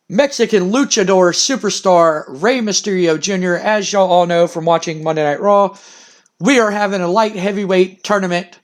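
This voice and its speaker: A man with a high-pitched voice narrating his wrestling sim, rambling casually and retelling the action. He keeps a loose, chatty flow. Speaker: game commentator.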